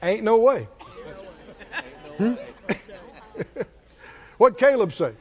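A man's voice: high-pitched, very animated, extremely slow, darkish tone, some chatter behind. A man preaching a sermon in a church, with emphatic call-and-response preaching. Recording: long hall reverb, dull lo-fi sound.

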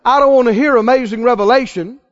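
A man preaching a sermon dramatically, asking the congregation questions and swinging between loud exclaims and hushed lines. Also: very high-pitched, quick pace. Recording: dull lo-fi sound.

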